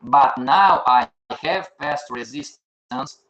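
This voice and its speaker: Older man, trading instructor, bright forceful tone, echoey room, asks and answers his own questions. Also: mid-range voice, slow pace, lo-fi sound. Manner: questions the class and answers himself. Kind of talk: live online class.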